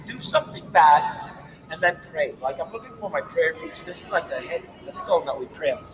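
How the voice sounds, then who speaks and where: A man delivering a rambling, profane, animated monologue as the host of his own channel. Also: a little high, moderate pace, music in the background, low-quality recording. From Latin America.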